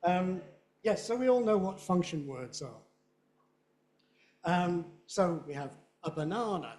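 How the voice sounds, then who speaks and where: Mellow-voiced man lecturing in an echoey room. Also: fairly high pitch, a little hiss or hum. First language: English. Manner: explanatory, demonstrates by saying example phrases aloud. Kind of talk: conference lecture.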